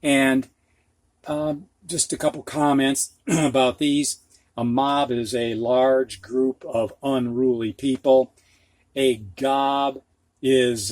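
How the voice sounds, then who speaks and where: A man's voice: medium pitch, darkish tone, no echo. A middle-aged man with a Midwestern accent teaching a phonics lesson, patient and repeating each word twice. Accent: Midwestern US (Ohio, Michigan). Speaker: reading teacher.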